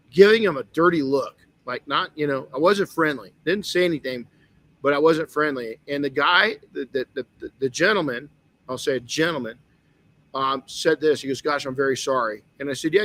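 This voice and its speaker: A man's voice: fairly high pitch, normal speed, fairly bright tone. A man hosting a motivational podcast, telling a personal story candidly with frequent restarts. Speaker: podcast host.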